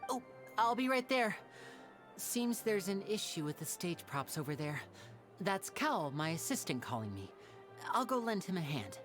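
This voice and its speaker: An actor voicing a showy young male stage magician who talks like a smooth, gracious showman. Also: sits high, very animated, normal speed, music in the background.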